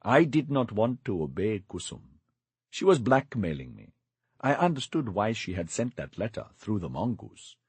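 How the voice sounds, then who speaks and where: A man's voice: on the low side, a little mellow, breathy edge, no room sound. A man narrating a novel in the first person, with a wry, confessional manner. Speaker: audiobook narrator.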